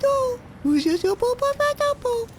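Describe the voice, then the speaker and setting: Squeaky cooing baby voice. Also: male voice, sing-song, moderate pace, slight background noise. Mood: cutesy babbling. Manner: squeaky, babbling, cutesy. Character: cooing baby-talk voice, tiny and silly.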